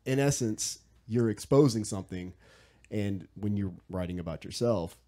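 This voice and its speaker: A man co-hosting a casual podcast, making reflective, measured points. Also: on the low side, dark tone. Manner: reflective, measured points about writing and growth. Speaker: podcast co-host. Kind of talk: casual chat.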